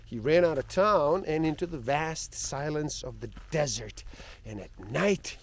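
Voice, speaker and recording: A man reading passages of a spiritual book aloud in a slow, reflective way. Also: a little high, lively intonation, slight background noise.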